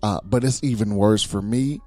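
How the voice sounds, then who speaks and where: A man's voice: fairly low pitch, moderate pace, mellow. A man co-hosting a podcast, chatting casually with lots of laughter and easy agreement. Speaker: podcast co-host. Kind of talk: casual chat.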